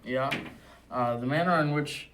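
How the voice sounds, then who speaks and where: A man co-hosting a movie review show, reading trivia in a low-key way with brief dry replies. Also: a little slow, noisy background. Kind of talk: casual movie review chat.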